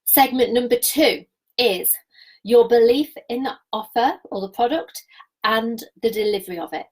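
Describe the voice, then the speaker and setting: Lively woman coaching on a livestream. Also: on the high side, moderate pace, low-quality recording. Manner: energetic, chatty, laughs often. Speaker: business coach. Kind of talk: live-streamed coaching talk.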